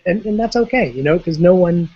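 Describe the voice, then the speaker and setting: Stammering, fairly high-voiced male panelist. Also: a little fast, dry recording, muffled recording. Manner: stammering restarts, animated. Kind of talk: casual panel discussion.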